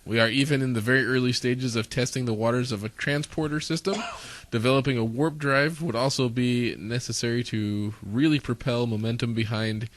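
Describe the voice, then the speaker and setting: A man's voice: mid-range voice, steady tone, fairly quick, no echo. A man co-hosting a casual podcast with a chatty, laughing manner and many filler "uh"s, reading listener feedback aloud. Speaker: podcast co-host.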